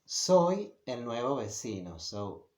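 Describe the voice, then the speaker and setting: A man teaching beginner Spanish at a whiteboard speaks in a mid-range, darkish voice that swings widely in pitch. He is patient and slow, pausing frequently and using fillers, and the roomy space echoes.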